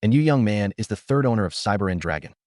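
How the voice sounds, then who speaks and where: A man voicing an older school chancellor, formal and explanatory. He speaks low with a lively pitch, and the sound is dry and close. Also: fast, no echo, close to an everyday voice.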